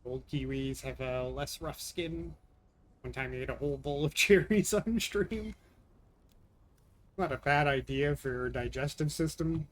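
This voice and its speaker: A young man chats casually on a live stream, answering viewers' chat while venting in an exasperated, profane way. His voice is mid-range and unhurried.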